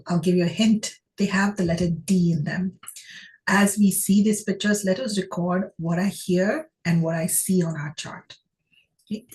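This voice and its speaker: A woman's voice: on the low side, a little mellow, low-quality recording. A woman teaching a phonics lesson, who asks her class questions and praises each answer.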